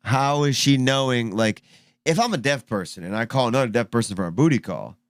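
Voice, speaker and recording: A man co-hosting a podcast, swearing and joking loudly as he reacts to a video with his co-host. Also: mid-range voice, expressive, a little fast, no room sound, clean studio sound. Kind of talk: casual crude reaction banter.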